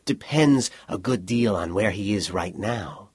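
A man's voice: mid-range voice, moderate pace, a little mellow, natural voice. A man voicing a thoughtful official who speaks meditatively, in an audiobook reading. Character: thoughtful male official, measured.

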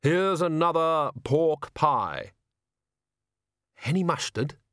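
Brief: man putting on a blunt, cheeky old manservant, pitched up, audiobook storytelling. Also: lively intonation, slow pace, fairly bright tone, no echo, studio quality.

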